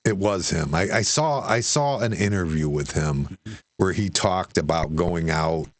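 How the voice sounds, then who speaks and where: A man with a very deep voice hosts a casual conversation. He asks his questions haltingly and often repeats a word or two while he looks for the thought. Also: no echo. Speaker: podcast host. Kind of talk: casual chat.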